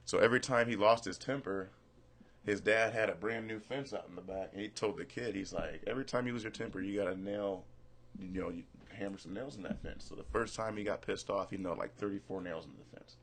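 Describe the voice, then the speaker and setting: Guy hosting a podcast, lowish voice, rambles through stories, chuckles at himself. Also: a little fast, a bit bright, slight background noise. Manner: loose storytelling, laughs at himself. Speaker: podcast host. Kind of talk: casual chat.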